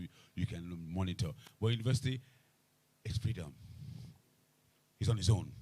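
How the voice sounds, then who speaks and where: Man moderating a panel, lowish voice, emphatic, repeats himself, gets loud and animated. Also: slightly rough. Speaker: event moderator. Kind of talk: live panel talk. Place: event hall with a microphone. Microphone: handheld event microphone.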